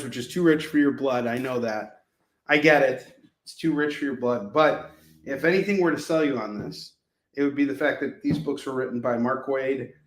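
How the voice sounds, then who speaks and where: This mid-range, fairly bright male voice belongs to the host of a live comic-book sale. He keeps the selling chat casual and trades sarcastic jokes with his viewers, and the room has a noticeable echo.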